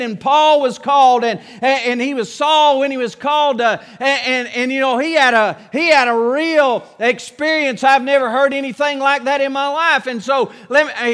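High bright-voiced preacher in echoing church. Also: male voice, moderate pace, few pauses, clean tone. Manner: impassioned, repetitive, acts out Bible scenes. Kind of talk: sermon. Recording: long reverb of a church hall.

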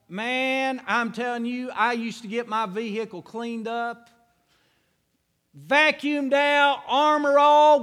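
Man, pastor, very high voice, folksy sermon, echoing church hall. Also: a bit bright. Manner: folksy storytelling, rising to fervent preaching.

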